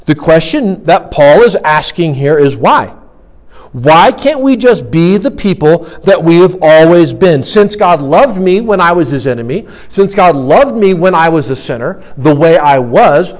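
A man preaching a sermon in an earnest tone. His voice sits a little higher than most men's. He keeps posing questions to the congregation and then answering them himself. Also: lively intonation, measured pace, a little mellow. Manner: earnest, asks many rhetorical questions. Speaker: pastor.

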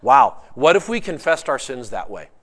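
A man preaching a sermon, earnest and emphatic, asking rhetorical questions and moving between quick bursts and slow, stressed phrases. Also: a little high, wildly swooping pitch, creaky, fairly bright tone. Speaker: pastor.

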